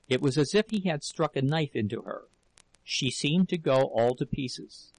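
A male audiobook narrator reads in a steady, measured way, his voice gravelly with fry. The sound is dry and close, at a middling pitch. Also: dry recording, low-quality recording. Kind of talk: scripted narration.

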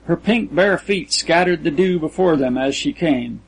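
A man with a husky, slightly raspy voice reads a literary story aloud. His pitch sits a little higher than most men's, and his delivery is measured and even. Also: rough recording. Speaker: audiobook narrator. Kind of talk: scripted literary narration.

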